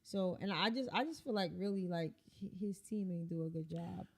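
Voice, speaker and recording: A woman's voice: lowish voice, normal speed. A woman co-hosting a casual podcast chat, a little drunk and slurring, blunt and emphatic. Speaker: podcast co-host.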